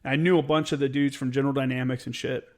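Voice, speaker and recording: A man in casual podcast conversation, telling military stories with plenty of swearing and acting out other people's lines with sudden jumps in his voice. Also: fast. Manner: profane, animated, acts out others' lines with jumps in pitch. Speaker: Marine veteran podcast guest. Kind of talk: casual storytelling chat.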